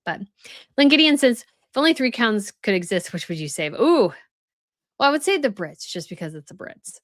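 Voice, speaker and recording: A woman's voice: on the high side, big pitch swings, normal speed, a bit bright, no echo, clean studio sound. A young woman hosting a casual live stream, reading viewers' comments aloud and chatting about them with lots of "like" fillers. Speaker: host reading live chat.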